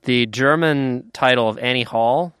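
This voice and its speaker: A man co-hosts a podcast in casual chat, chiming in with short, dry remarks. His voice is smooth and clear, at a middle pitch. The recording is dry and close. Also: measured pace, a bit bright, no echo. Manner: brief, dry interjections. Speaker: podcast co-host.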